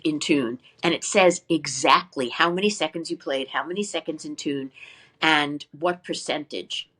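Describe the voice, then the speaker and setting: An older woman, a flute teacher, speaks as a guest in an interview. She explains practice methods in a lively way, asks many rhetorical questions, and sings short syllables to demonstrate. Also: sits low, moderate pace.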